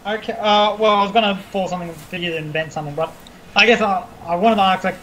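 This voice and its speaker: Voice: medium pitch, steady tone, fast talker, fairly bright tone, low-quality recording. Tabletop player with a hesitant, stop-start way of talking, thinking aloud. Faint background noise. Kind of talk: tabletop game chat.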